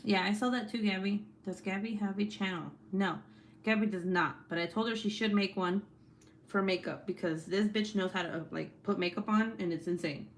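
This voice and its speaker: A woman's voice: medium pitch, steady tone, normal speed, slight background noise. A young woman hosting a casual livestream, chatting and laughing often as she reads the chat aloud, swearing freely. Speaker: livestream host.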